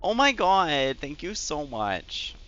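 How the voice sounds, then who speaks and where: Man doing a gushy attention-seeking young woman with a lifted, lively voice. Breathless and over the top. Dull lo-fi mic. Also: fairly high pitch, slow pace, pitched above the performer's own voice, exaggerated voice. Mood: gushing.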